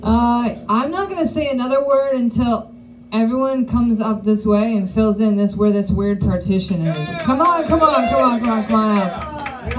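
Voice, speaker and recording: A woman's voice: fairly high pitch, low-quality recording. A woman doing a live stand-up set, chatty and profane, coaxing the audience. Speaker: stand-up comedian. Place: live comedy venue. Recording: live venue with clear background noise.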